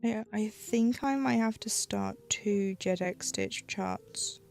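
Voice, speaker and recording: A woman's voice: mid-range voice, slow, gravelly, a little mellow, faint music behind. A British woman streaming live, chatting casually while she cross-stitches, rambling and losing her thread. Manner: rambling, chatty, loses her train of thought.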